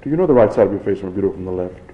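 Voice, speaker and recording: Man reading an earnest male professor, measured, low voice, muffled recording. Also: expressive. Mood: tender.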